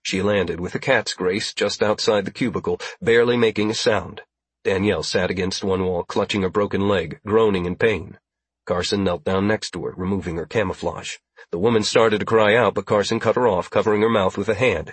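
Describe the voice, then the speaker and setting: A man narrating a science-fiction audiobook in a steady, even storytelling manner. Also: fairly low pitch, a little fast, breathy edge, dry recording. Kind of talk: scripted narration.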